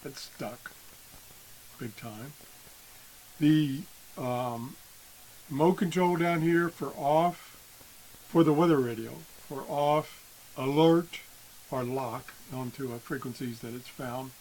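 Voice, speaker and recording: Slow halting man clearing his throat. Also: mid-range voice, darkish tone, poor audio. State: losing his voice after illness. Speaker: radio hobbyist video host. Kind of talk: casual show-and-tell demo.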